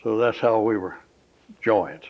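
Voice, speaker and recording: An older man from Florida, recalling his family history at a slow, rambling pace in an oral history interview. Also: fairly low pitch. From Florida, USA. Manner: slow, rambling, pauses often with "uh". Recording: dull lo-fi recording.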